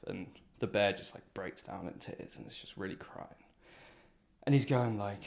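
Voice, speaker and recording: A man's voice: fairly low pitch, normal speed, vocal fry, a little mellow. A man co-hosting a casual podcast, rambling through a long joke and laughing at it himself. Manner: rambling storyteller, laughs at his own jokes. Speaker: podcast co-host. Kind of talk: casual chat.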